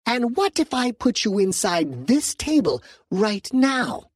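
A man voicing a small, furry alien mob boss, haughty and menacing, speaking slowly and coldly in an audiobook. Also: very high voice, very animated, husky, dry recording, clean studio sound, pitched above the performer's own voice, exaggerated voice. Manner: slow, cold, threatening. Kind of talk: audiobook character voice.

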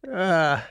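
A man's voice: fairly high pitch, creaky, a bit bright, clear, resonant tone, no echo, clean studio sound, heavily acted. A man putting on a mock French accent to play a dismissive Frenchman who gropes for words. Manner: halting, groping for words.

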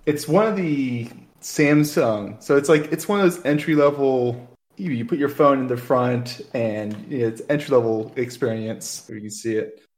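A man's voice: medium pitch, normal speed, darkish tone, slight background noise. Laid-back hesitant man chatting. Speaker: podcast co-host. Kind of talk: casual chat.

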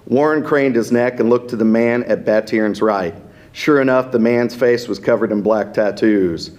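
A man, an author, reading his fantasy story aloud in a steady, unhurried narration. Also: mid-range voice.

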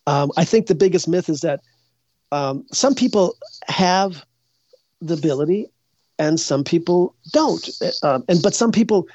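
A man's voice: fairly high pitch, animated, measured pace, a little mellow. Rambling older man telling stories. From Minnesota, US. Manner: rambling, with many restarts and fillers. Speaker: guest psychic. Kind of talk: casual interview storytelling. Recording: dull, dry lo-fi sound.

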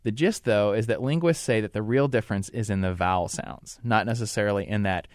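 A male podcast host talks in a relaxed, explanatory way and uses a few fillers along the way. His voice sits low and is recorded dry and close in the studio. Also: brisk, dry recording. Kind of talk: casual podcast chat.

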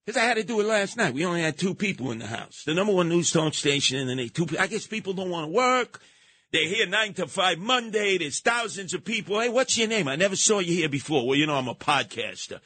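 Combative New radio host, husky. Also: male voice, high-pitched, sing-song, brisk, sharp tone. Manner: mocking and combative, slipping into put-on voices. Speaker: radio talk show host. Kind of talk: talk radio monologue.

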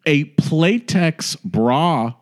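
A man hosting a podcast, telling stories in a playful, animated way. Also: a little high, drawn-out words. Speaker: podcast host. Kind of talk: casual podcast chat.

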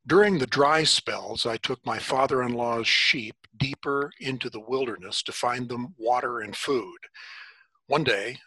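A man telling a story in the first person, unhurried, with dramatic pauses. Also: medium pitch, sharp tone, husky, dry recording.

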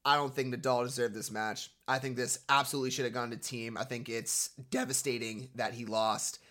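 A man's voice: mid-range voice, fairly even intonation, brisk, pushed and bright. A man co-hosting a casual tennis podcast, emphatic and opinionated. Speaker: podcast co-host. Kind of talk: casual sports podcast chat.

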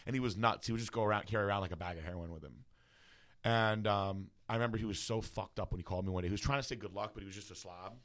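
Male guest, deep voice, candid profane personal story. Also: rapid-fire, a bit bright. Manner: casual, profane, heavy use of filler words. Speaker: guest bodybuilder.

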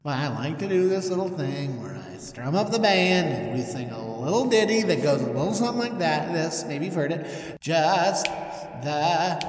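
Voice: medium pitch, sing-song, normal speed, echoey room, long reverb tail, far from the mic, faint music behind, close to an everyday voice. A podcaster voicing God as a chummy, pushy male figure with salesman patter. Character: cocky mellow-voiced cheerful male God.

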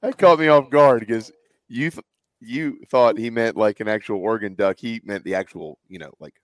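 A man's voice: lowish voice, normal speed, no echo. Southern man hosting a sports podcast, dry. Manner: conversational, hands off to co-hosts. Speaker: podcast host. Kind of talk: casual sports talk.

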